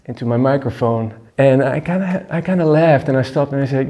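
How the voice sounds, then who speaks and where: A man, a musician, telling stories casually in a relaxed, laid-back way, with lots of fillers. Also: medium pitch, fairly quick. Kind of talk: casual storytelling monologue.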